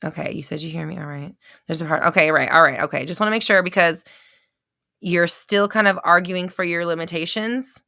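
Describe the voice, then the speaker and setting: A woman hosting a live coaching stream, talking off the cuff with blunt, profane tough love that swings from soft apologies to heated lecturing. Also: on the low side, a little fast, gravelly, no room sound, clean studio sound. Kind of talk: unscripted live coaching talk.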